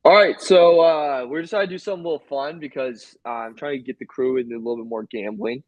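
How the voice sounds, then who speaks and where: Male podcast co-host, medium pitch, rambling and jokey, dry mic. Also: fast talker, no echo, highs cut off. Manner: rambling, joking storyteller. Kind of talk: casual sports chat.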